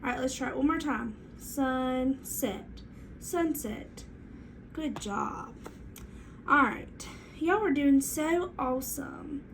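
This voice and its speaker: A woman teaches young children, her voice high and her pace slow and deliberate. She talks in a clear, sing-song classroom manner over a faint hiss of room noise. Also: animated. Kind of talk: read-aloud and classroom lesson.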